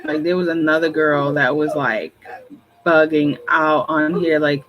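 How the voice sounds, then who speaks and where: A woman's voice: sits low, steady tone, measured pace, muffled recording, background noise. A woman hosting her channel, chatting casually to viewers in a rambling way, full of "like" and laughs. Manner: rambling, repeats "like", laughs often. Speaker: intuitive reader and channel host.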